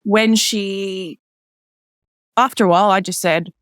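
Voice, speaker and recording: A woman's voice: steady tone, slow pace, clear, resonant tone, no echo, clean studio sound. A woman guest in casual conversation, telling a personal story with many "like" fillers and quoting others in a lifted voice. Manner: acts out others' lines in a higher voice. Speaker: podcast guest.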